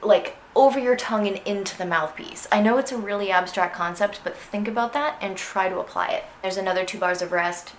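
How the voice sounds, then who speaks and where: A woman's voice: medium pitch, fairly quick, hardly any pauses. A young woman teaching an orchestral clarinet excerpt in a casual, chatty way, singing phrases aloud to show them. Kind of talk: instructional music lesson. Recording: echoey room with faint noise.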